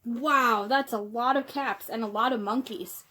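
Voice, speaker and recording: Slow, gentle woman reading to kids. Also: a little high, fairly even intonation. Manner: gentle, addresses listeners as friends, gasps for effect. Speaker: children's storyteller. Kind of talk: reading a picture book aloud to children.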